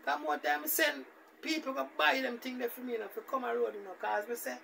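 A man's voice: very high voice, fast talker, creaky, distant mic, a little hiss or hum. A man with a Jamaican Patois accent rambling through a casual, repetitive story as a vlogger. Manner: rambling, repetitive, animated retelling.

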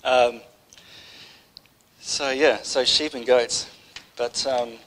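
A man's voice: mid-range voice, fairly even intonation, very slow, fairly bright tone, a little hiss or hum, poor audio. Man giving a rambling, conversational sermon. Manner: conversational, rambling, with many restarts. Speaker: preacher. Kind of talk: informal sermon.

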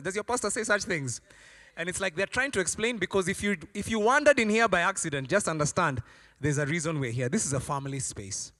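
A man's voice: high voice, fast talker, pushed and bright, long reverb tail. A man preaching a sermon as a pastor, telling stories animatedly and acting out voices.

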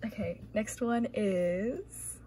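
A woman's voice: mid-range voice, lively intonation, extremely slow, mellow, slight background noise. A young woman vlogger gushing over art prints she is unboxing, with gasps, squeals and sudden whispers. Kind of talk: excited unboxing commentary.

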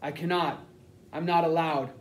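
A man voicing a middle-aged German spy who speaks quietly in stiff, formal phrases. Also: fairly high pitch, fairly even intonation, normal speed, natural voice. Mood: remorseful. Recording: roomy echo.

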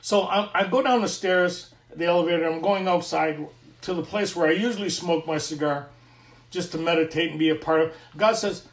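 A man's voice: on the high side, moderate pace, reverberant, far from the mic. A middle-aged man from Canada, earnestly sharing a personal recovery story at a meeting and acting out the dialogue.

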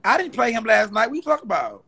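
High, husky, creaky ranting young man. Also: sing-song, sharp tone, a little hiss or hum. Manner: exasperated, profane, rapid ranting. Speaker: comedy creator. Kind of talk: profane comedic rant.

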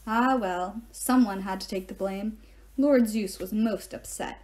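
A woman reading aloud, voicing a weary, kindly male centaur teacher who speaks calmly and gravely. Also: mid-range voice, measured pace, lightly acted. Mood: grave, gentle. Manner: calm, gentle and grave.

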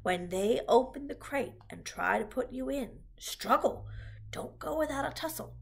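A woman voicing a bossy, blunt old ewe who gives orders in an urgent hushed whisper, with a husky voice. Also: high voice, lively intonation, measured pace, pitched above the performer's own voice, full character voice.

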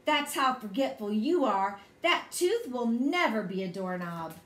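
A woman's voice: a little high, very animated, a little slow. A woman voicing an ornery little girl who taunts in a sing-song way. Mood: taunting. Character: ornery, giggling tomboy sister. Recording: echoey room.

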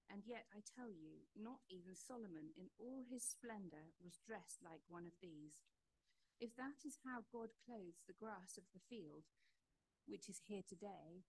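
A woman reading a scripture passage aloud in a measured, careful way. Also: mid-range voice, darkish tone, husky, rough recording. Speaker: scripture reader.

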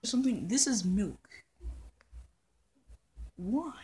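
A gaming channel host records casual let's-play commentary on her phone, using a put-on British accent as she rambles playfully, mocks herself, and drifts into hummed nonsense. Her voice is a little high and warm, with lively intonation and an unhurried pace, plus a slight hiss or hum.

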